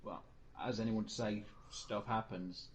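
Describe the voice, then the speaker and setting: A man's voice: lowish voice, steady tone, unhurried, slight background noise, low-quality recording. A man streaming a game, rambling through a personal story in casual chat and mimicking other people's lines. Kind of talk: casual chat while gaming.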